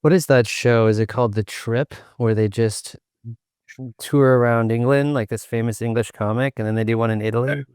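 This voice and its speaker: A man's voice: mid-range voice, fairly even intonation, moderate pace, a little mellow, clear, resonant tone, no echo, studio quality. A man from the United States, a sales consultant, speaking as a guest on a video call podcast in a rambling, jokey way. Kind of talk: interview conversation.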